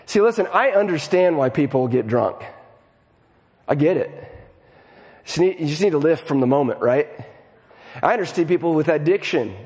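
A middle-aged man preaching a sermon as a pastor, talking in a conversational, animated way and often repeating his first words. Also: a little high, normal speed, long pauses, in a large hall.

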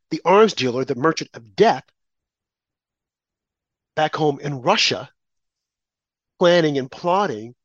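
An indignant man delivers a political monologue, firing off rhetorical questions. His slightly high voice swings widely in pitch. The sound is dry and a little dull, as if from a lo-fi recording. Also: no echo. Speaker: commentary host.

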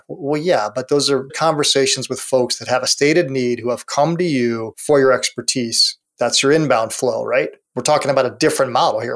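A man's voice: mid-range voice, fairly bright tone. A middle-aged man co-hosting a business podcast, talking casually with restarts and short laughs. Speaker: podcast co-host.

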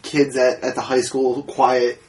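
A man co-hosting a casual movie podcast, blunt and profane, telling stories with animated energy. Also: mid-range voice, a little slow. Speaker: podcast co-host. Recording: a bit distant from the mic, faint noise.

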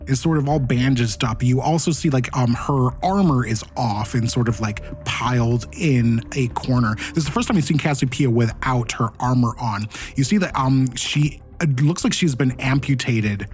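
A man's voice: medium pitch, normal speed, hardly any pauses, soft background music. A man running a tabletop game as game master, narrating scenes loosely with many fillers.

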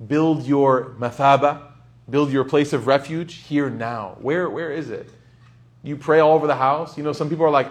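A young man giving a casual, humorous sermon, telling stories with sudden loud bursts. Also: mid-range voice. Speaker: Islamic speaker.

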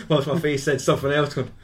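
A man's voice: a little high, fairly even intonation, moderate pace. A man recapping a film in casual, rambling podcast chat, swearing and laughing often. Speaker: podcast host.

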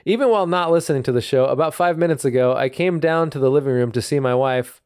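A man's voice: mid-range voice, quick pace, darkish tone, smooth, no echo, clean studio sound. A laid-back man co-hosting a casual podcast and reading listener emails aloud.

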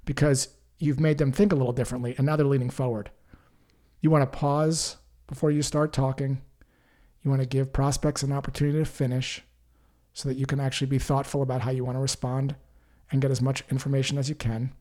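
A man giving a calm sales-coaching talk, acting out short example phone calls. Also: medium pitch, fairly quick. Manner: calm, coaching, acts out example call lines. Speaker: sales trainer. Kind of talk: instructional talk with sample call scripts.

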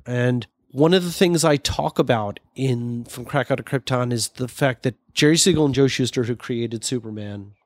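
A man's voice: mid-range voice, vocal fry, dry recording, studio quality. A man, a writer being interviewed, telling stories in a rambling, chatty way and often correcting himself. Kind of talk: casual storytelling interview.

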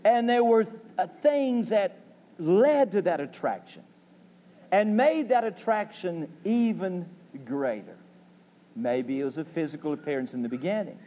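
Unhurried and mellow, a man with a high-pitched, expressive voice preaches a folksy sermon full of jokes, working up to emphatic cries for an amen. The recording, made in a church sanctuary, carries a long hall reverb.

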